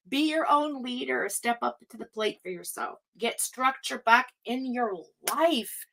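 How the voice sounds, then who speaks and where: Woman, tarot reader, casual rambling talk, fillers, fairly high voice. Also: measured pace, hardly any pauses, fairly bright tone, rough recording. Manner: chatty, rambling, frequent fillers and laughs.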